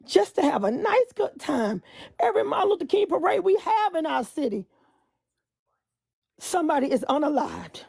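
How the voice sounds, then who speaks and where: A high-pitched woman with a deeply gravelly, fry-laden voice and a mellow, dark tone. She vents with passion into her phone, repeating herself and drifting into hummed hymn lines. The sound is dry and close. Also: sing-song, a little slow, pauses often, no echo. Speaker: bus driver. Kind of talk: emotional venting on a live stream.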